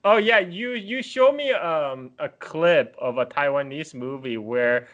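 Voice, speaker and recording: A man hosts a podcast in relaxed conversation with his guest. His voice is bright and sits somewhat high for a man. He talks in a chatty way and laughs easily between phrases. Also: unhurried, dull audio. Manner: chatty, laughs often while talking. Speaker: podcast host. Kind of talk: casual conversation.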